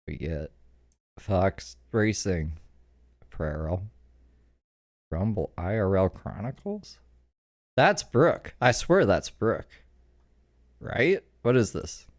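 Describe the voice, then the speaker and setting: A man's voice: low-pitched, darkish tone, dry recording, studio quality. A man hosting a live stream, chatting casually and joking to himself as he clicks through videos. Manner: chatty, jokey, talks to himself while clicking around.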